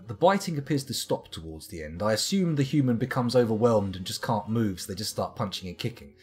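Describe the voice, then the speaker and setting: A man reading combat logs aloud with wry, profane asides as he streams a game live. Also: lowish voice. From United Kingdom. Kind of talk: live-streamed gameplay commentary. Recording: faint guitar music behind.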